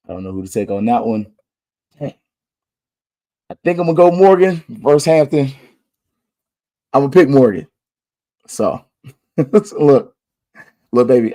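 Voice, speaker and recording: Chatting about sports picks on his Orlando podcast, a man thinks aloud in an easygoing, slang-heavy style. He speaks at a medium pitch with a warm tone.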